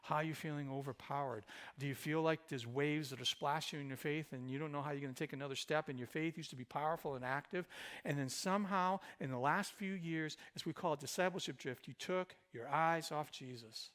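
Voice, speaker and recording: A male pastor preaching a sermon, swinging between loud emphatic passages and quiet, intimate ones. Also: on the high side, a little fast. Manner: speaks in Jesus's voice to the listener.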